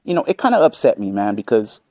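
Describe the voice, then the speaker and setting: A man's voice: on the low side, very animated, quick pace, darkish tone, no room sound. Combative swearing man commentator. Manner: combative, swearing, reads chat quotes aloud. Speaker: commentary channel host. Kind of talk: profane drama commentary.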